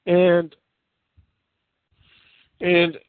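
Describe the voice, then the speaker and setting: A man's voice: high voice, monotone, extremely slow, smooth, dry recording. A man giving a casual, rambling rant as a wrestling reviewer, incredulous and full of restarts. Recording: tinny phone-like sound.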